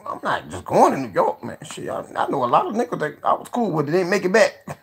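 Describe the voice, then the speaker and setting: Gravelly, laughing man giving shout-outs. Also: a little high, very animated, fairly quick, a little hiss or hum. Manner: profane, joking, laughs often. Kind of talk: casual rambling shout-outs to viewers.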